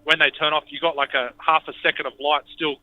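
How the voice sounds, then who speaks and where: A man's voice: on the high side, flat delivery, fast talker, no room sound, phone-quality sound. An Australian man calling in to a radio show, telling a story in a laid-back, hesitant way. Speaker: caller. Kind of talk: phone-in story.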